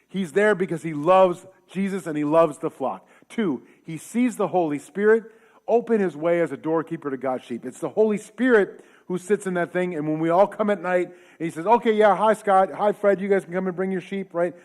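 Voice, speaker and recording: A man's voice: fairly high pitch, darkish tone. A man preaching a casual sermon in a church, talking conversationally with joking asides and rhetorical questions. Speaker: pastor.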